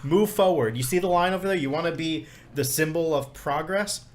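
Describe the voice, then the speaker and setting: A man's voice: on the high side, a little fast. A young man co-hosting a live podcast in casual chat, ranting bluntly with sarcastic, profane asides. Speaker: podcast co-host.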